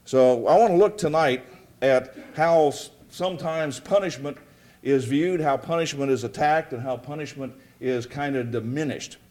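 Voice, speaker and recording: A man preaching a sermon to a congregation in a folksy, relaxed storytelling way. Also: medium pitch, normal speed. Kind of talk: sermon with a joke.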